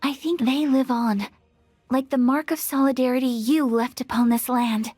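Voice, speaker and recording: A woman's voice: sits high, fairly even intonation, normal speed, a little mellow, breathy edge, dry recording, faint music behind. An actress playing an earnest young female cookie guardian in a game, speaking with heartfelt conviction. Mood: reflective. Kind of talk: game voice acting.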